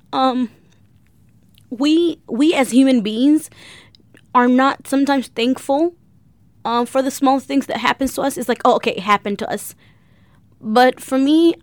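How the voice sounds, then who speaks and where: A young woman telling a personal story, halting often with fillers and getting emotional. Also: high-pitched, no room sound. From grew up in a refugee camp.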